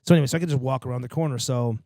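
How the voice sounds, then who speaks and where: Fast-talking, swearing podcast host man. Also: medium pitch, no echo, studio quality. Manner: fast, profane, animated storyteller. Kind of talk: casual storytelling chat.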